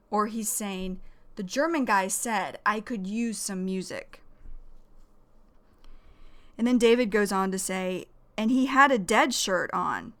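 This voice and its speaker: Woman explaining english words, slow careful teacher voice, medium pitch. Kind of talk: vocabulary lesson.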